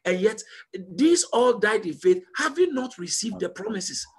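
A man preaching a sermon as pastor, emphatic and repetitive, building to loud call-and-response peaks. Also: high-pitched, sing-song, normal speed.

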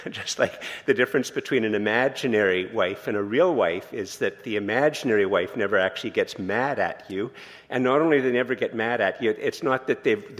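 Man preaching in a reverberant church. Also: lowish voice. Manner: conversational, self-deprecating humor, slows for scripture. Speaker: pastor. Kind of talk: sermon. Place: church sanctuary. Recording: long reverb of a church hall.

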